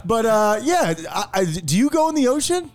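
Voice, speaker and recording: Man with a lively, swooping voice. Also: extremely high pitch, moderate pace, soft background music. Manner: joking, provocative, exaggerated outbursts. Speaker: podcast co-host. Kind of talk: casual banter.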